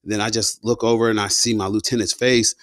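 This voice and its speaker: Veteran man, low voice, dry close sound, casual storytelling full of slang fillers. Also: little pitch movement, fast, a bit bright, no room sound. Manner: loose and slangy, peppered with "you know" and "man". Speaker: combat veteran guest telling his story.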